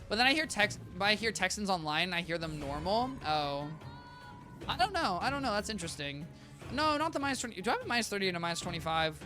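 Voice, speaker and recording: A young man streaming a video game, rambling in a casual, self-deprecating way and talking to his chat as "guys". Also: sits high. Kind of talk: casual gaming commentary.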